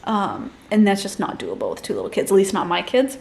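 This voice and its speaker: A woman's voice: mid-range voice, very animated, a little fast, gravelly, a little mellow. A woman in her thirties chatting casually to camera as a mother and vlogger, laughing often and cooing to her baby between tips.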